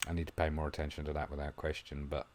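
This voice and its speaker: A man commentating on his football management game, musing quietly and then breaking into excited play-by-play. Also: a bass voice, very fast. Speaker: gaming video host. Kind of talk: gameplay commentary.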